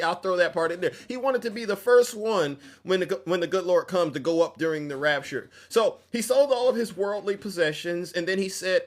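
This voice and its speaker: A man hosting a fiery political commentary show, mocking and preachy, shouting to drive his points home. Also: high-pitched, normal speed, hardly any pauses.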